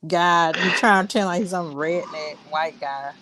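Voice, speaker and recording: A woman's voice: fairly low pitch, normal speed, background noise. A woman co-hosting a movie review podcast, chatting casually and retelling scenes with animation. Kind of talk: casual chat.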